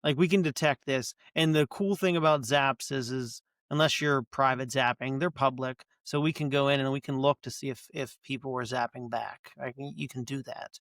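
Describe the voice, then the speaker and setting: A man's voice: medium pitch, fairly even intonation, normal speed, hardly any pauses, a bit bright, no echo, clean studio sound. A man co-hosting a podcast, talking casually and often repeating himself. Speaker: podcast co-host. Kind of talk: casual chat.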